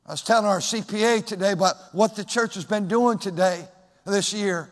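A man preaching a sermon as pastor, swinging from loud shouted emphasis to soft, hushed asides. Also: sits high, moderate pace. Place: church sanctuary. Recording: long hall reverb.

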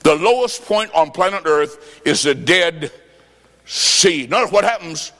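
A man preaching a revival sermon with folksy stories, impassioned and shouting at the peaks. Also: on the high side, lively intonation, measured pace. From Illinois. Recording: echoey hall with long reverb.

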